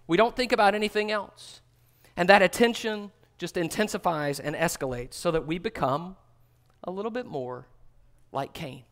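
High-voiced earnest man preaching a sermon. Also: expressive, normal speed. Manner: earnest, drops to a hushed voice for emphasis. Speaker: pastor.

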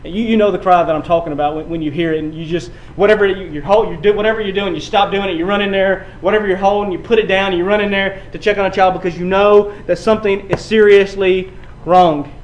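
A man preaching a sermon, building from quiet passages to loud, emphatic runs and often repeating his words. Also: sits high, steady tone, quick pace, few pauses, slight background noise, low-quality recording. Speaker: pastor.

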